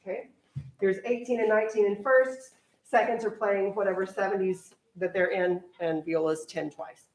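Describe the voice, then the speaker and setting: A young woman orchestra teacher directing a string rehearsal, briskly counting off and coaching her players. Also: medium pitch, fairly even intonation, darkish tone, distant mic. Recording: echoey room, voice from afar, strings playing.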